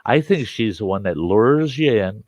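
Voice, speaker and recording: A man's voice: fairly low pitch, expressive, moderate pace, darkish tone, no room sound. A man hosting a campfire show, telling a funny story and laughing often. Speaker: host.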